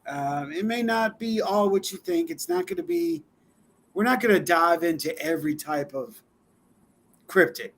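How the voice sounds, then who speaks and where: A man's voice: high voice, big pitch swings, moderate pace, creaky, fairly bright tone, slight background noise. A man co-hosting a live-stream talk show, chatting casually with a loose, laughing, filler-heavy delivery. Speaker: co-host.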